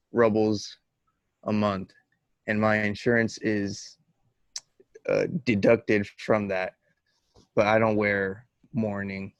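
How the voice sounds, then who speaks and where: Man voicing a young schoolmaster, flat unemotional reading, muffled dry sound. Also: on the low side, clean tone, dry recording. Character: young male schoolmaster, earnest and plaintive. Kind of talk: flat read-through of a play scene.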